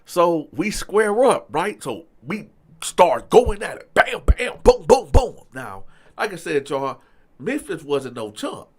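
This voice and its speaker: A man spinning a casual storytime tale, his pitch swinging up and down as he gets worked up. He talks straight to his listeners and keeps the story rolling with fillers. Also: takes it slowly. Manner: animated, talks straight to the audience, lots of fillers. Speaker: storyteller host.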